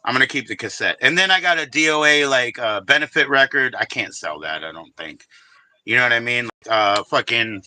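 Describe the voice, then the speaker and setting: A man's voice: medium pitch, animated, fairly quick, sharp tone, poor audio. A man hosting a casual livestream, rambling with lots of swearing about records he is trying to sell. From Washington DC area. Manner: rambling, profane, sings snatches of songs. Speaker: livestream host.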